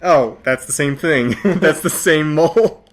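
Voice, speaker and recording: A man's voice: a little high, a little slow. A man co-hosting a podcast, telling stories in casual chat with frequent laughter and acted-out quotes. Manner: animated storyteller, laughs often, acts out quotes. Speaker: podcast co-host.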